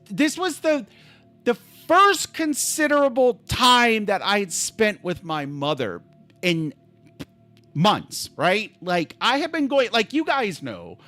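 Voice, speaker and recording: A man hosting a live stream, telling a story in an animated, exasperated way, swinging from calm to yelling. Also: high-pitched, dry recording.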